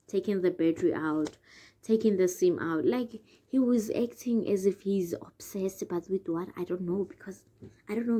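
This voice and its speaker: Mellow-voiced South African woman vlogger. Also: medium pitch. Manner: chatty, addresses viewers as guys. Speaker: YouTuber. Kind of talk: casual storytime vlog.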